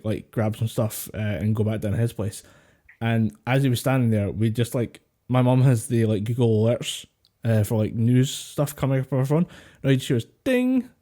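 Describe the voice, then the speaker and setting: A man's voice: medium pitch, steady tone, moderate pace, dark tone. A man co-hosting a casual podcast over an online call, telling rambling stories, swearing freely and laughing often. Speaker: podcast co-host. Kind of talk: casual chat. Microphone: home mic over online call.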